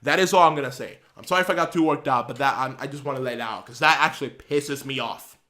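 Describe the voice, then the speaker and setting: A man's voice: mid-range voice, fast, sharp tone. A man on his channel ranting heatedly, swearing and repeating himself as he vents. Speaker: channel host. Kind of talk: angry vlog rant.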